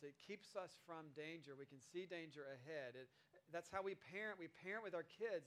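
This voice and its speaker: A man in his thirties giving a sermon as a pastor, conversational and animated, often acting out quoted voices. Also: a little high.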